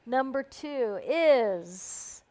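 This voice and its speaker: A woman's voice: sits high, lively intonation, extremely slow, a little mellow. A woman hosting a live stream, chatting casually and bubbly as she calls out giveaway winners by name. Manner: bubbly, chatty, playful emphasis on names. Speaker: host.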